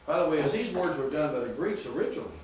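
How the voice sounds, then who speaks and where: A man teaching a classroom lesson, picked up from a distance in a very echoey room with faint background noise. He speaks haltingly, repeats words and keeps quizzing his students. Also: on the high side, expressive, darkish tone. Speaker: Greek teacher. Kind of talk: classroom lecture. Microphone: distant room mic.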